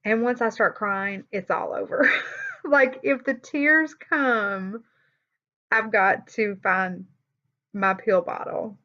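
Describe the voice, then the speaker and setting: A woman's voice: medium pitch, takes it slowly, bright, forceful tone. A woman telling a personal story in a candid, conversational vlog, with sighs, fillers and restarts. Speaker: vlogger. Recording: slightly dull lo-fi sound.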